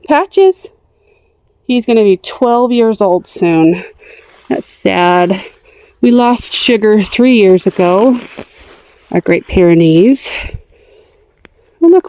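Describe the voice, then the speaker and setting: Walking through her backyard garden outdoors, a middle-aged gardening vlogger chats casually to her dogs and plants. Her mid-range voice has a darkish tone and drifts in and out.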